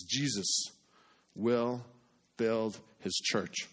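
A man preaching a sermon in an earnest way, repeating phrases for emphasis and dropping to a hush on key points. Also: mid-range voice, normal speed. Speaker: pastor.

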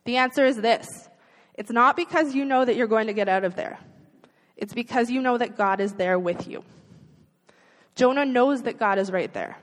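Earnest woman preaching in a reverberant hall. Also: on the high side. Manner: earnest, conversational preaching with rhetorical questions. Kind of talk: sermon.

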